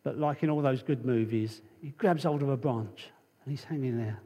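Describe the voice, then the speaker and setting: A man's voice: mid-range voice, normal speed, warm tone, husky, in a large hall. A male preacher giving a conversational sermon, telling stories and reading scripture.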